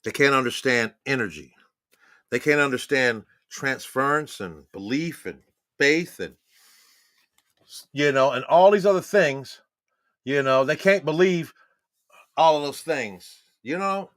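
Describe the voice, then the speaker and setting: Man in his 60s, livestream monologue, lively swooping pitch, bright edgy tone, dry close sound, profane, laughs between points. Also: unhurried, pauses often, dry recording. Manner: animated, profane, laughing asides. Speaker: livestream host. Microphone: phone or webcam on a live stream.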